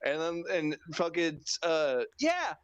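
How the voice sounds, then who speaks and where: A man chatting casually on a wrestling podcast, loose and profane, often jumping into high mock voices to act out what others said. His mid-pitched voice is recorded close and dry, with no room sound. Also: moderate pace, a bit bright, dry recording, highs cut off. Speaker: podcast co-host.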